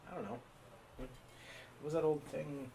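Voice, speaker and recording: A man's voice: on the high side, steady tone, normal speed, vocal fry, dark tone, a little hiss or hum. A man co-hosting a live podcast stream, chatting casually and poking fun at himself while he fills time. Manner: rambling and self-mocking. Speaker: podcast co-host.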